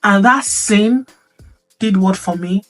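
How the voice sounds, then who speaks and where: Woman, earnest motivational talk, repeats herself, asks if you understand, medium pitch, quiet music behind. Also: slow pace. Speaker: speaker on womanhood.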